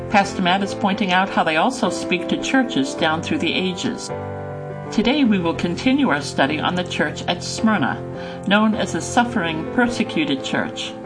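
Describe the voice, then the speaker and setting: Low-voiced woman announcer over guitar. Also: low-quality recording. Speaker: radio program announcer. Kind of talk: scripted introduction. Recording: guitar music behind the voice.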